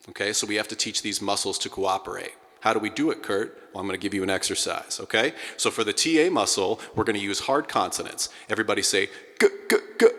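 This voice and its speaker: A middle-aged man teaching a singing class, energetic and breaking into sung sounds to demonstrate. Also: lowish voice. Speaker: vocal coach. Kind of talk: singing lesson to a group. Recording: hall with long reverb.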